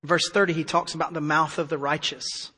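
A man preaching a sermon as pastor, emphatic, swinging between hushed stretches and loud declarations. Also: fairly high pitch, level tone, a little fast, slightly rough. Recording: long hall reverb.

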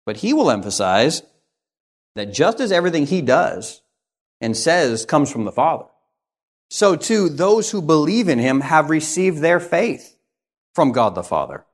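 A man's voice: a little high, sing-song, unhurried. A man preaching an expository sermon, with emphatic, rhythmic repetition.

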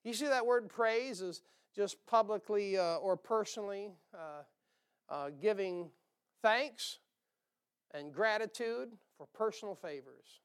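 Animated preacher man, high clear voice. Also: unhurried. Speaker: pastor. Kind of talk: sermon.

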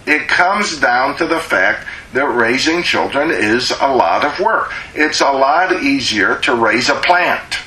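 A man preaching a sermon as a pastor, slow and emphatic, drawing out words to press his points. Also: mid-range voice, animated, sharp tone, roomy sound, low-quality recording.

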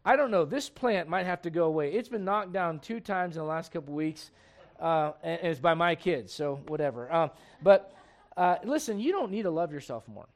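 A man's voice: on the high side, lively intonation, normal speed. A man pastor preaching a casual, conversational sermon to his congregation and reading scripture aloud.

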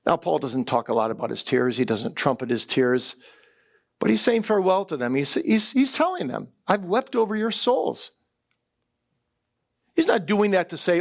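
Man, preacher, chapel sermon, earnest storytelling, gravelly voice, slightly high pitch. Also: normal speed. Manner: earnest storytelling, repeats words when excited. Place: chapel service.

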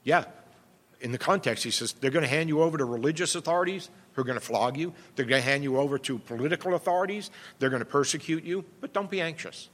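A man's voice: fairly high pitch, fast talker, fairly bright tone. A man preaching a sermon, earnest and emphatic, asking rhetorical questions and pressing his points home. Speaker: pastor. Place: church sanctuary. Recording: long reverb of a church hall.

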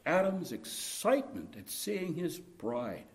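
A man's voice: a little high, very animated, takes it slowly. A man preaching a sermon earnestly, building to impassioned emphasis at key points. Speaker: pastor.

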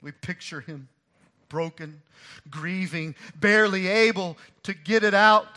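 A man preaching an expository sermon, going from hushed and low to loud and impassioned. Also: a little slow. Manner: swings from hushed to impassioned, rising loud when voicing David's grief. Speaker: pastor.

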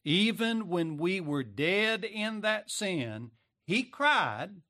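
Man, sermon, dramatic preaching, slightly high voice, dry close sound. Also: big pitch swings, bright, forceful tone, no room sound. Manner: dramatic preaching, acting out quoted voices, pausing often.

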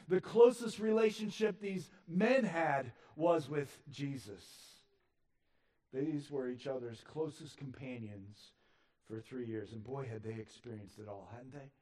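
A fairly high-voiced man preaching with dynamic swings. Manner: dynamic preaching, swinging from loud emphatic passages to hushed low ones. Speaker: pastor. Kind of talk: sermon.

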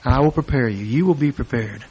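Preaching an expository sermon at a quick pace, a man with a husky, medium-pitched voice reads scripture aloud and builds to loud, emphatic peaks on the quotations.

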